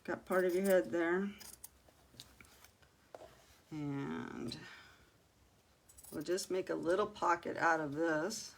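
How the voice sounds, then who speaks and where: A woman's voice: on the low side, steady tone, slow pace, gravelly, pauses often. Chatty older woman, crafting host. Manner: chatty, talks straight to viewers, exclaims and laughs often. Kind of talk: casual crafting livestream chat.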